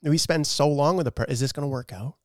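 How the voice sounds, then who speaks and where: A man's voice: a little high, quick pace, no echo, studio quality. Profane laid-back man on a podcast. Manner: casual, profane, laughs often. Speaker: podcast co-host. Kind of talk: casual podcast chat.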